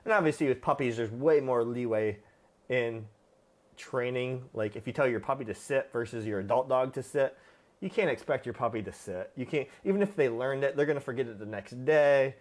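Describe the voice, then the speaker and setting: Man, livestream host, casual Q&A, plain-spoken, firm, lots of fillers, mid pitch. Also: brisk. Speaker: livestream host, dog trainer. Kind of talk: casual live Q&A chat.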